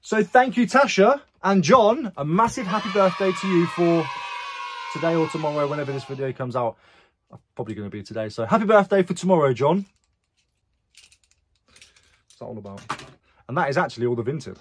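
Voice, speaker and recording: Chatty British man, fairly high voice. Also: animated, brisk, pauses often, noisy background. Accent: British English. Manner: chatty, swears, reads buyer messages aloud. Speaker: reseller vlogger. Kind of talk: casual chat.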